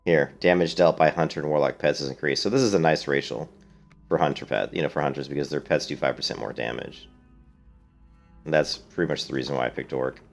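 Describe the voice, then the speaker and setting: This very low-voiced streamer talks briskly with vocal fry while playing a game, giving blunt, opinionated answers to viewers in casual let's-play chat. Faint game music sits beneath his voice.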